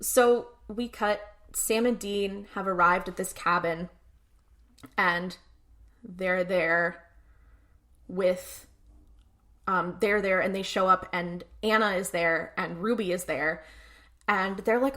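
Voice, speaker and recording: A woman's voice: mid-range voice, fairly even intonation, takes it slowly, pauses often, fairly bright tone. A woman co-hosting a podcast, casually retelling TV episodes and acting out the characters' lines. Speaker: podcast co-host. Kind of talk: casual rewatch podcast recap.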